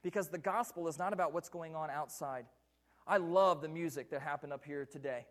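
A man's voice: fairly high pitch, brisk. A man preaching a sermon from a church pulpit, repeating key lines and putting questions to the congregation. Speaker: pastor.

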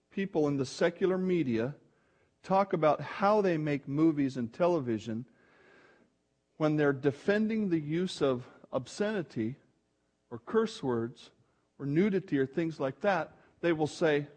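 Male pastor, middle-aged, fairly high voice, earnest emphatic sermon delivery. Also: animated, a little slow, pauses often, darkish tone. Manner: earnest, emphatic preaching with restarts.

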